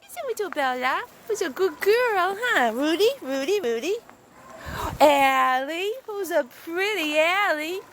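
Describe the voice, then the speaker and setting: A woman coos at dogs in a high, swooping baby-talk voice, unhurried and sing-song. She coaxes and praises them while she plays. The recording is noisy, with dogs and kennel sounds behind her. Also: lively intonation, fairly bright tone. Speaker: kennel worker playing with dogs. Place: dog kennel play area.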